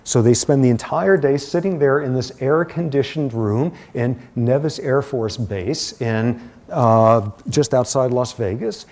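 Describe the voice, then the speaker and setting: Middle-aged male lecturer, mid-pitch voice, animated anecdotal delivery. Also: unhurried. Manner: animated storytelling with asides. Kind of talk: university lecture.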